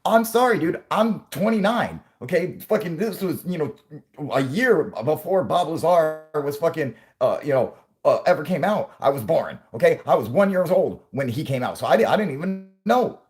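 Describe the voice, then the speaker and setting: A woman's voice: deep voice, lively intonation, moderate pace, voice pushed up. A man voicing a flustered young woman working at the Pentagon, apologetic and defensive, swearing as she makes excuses.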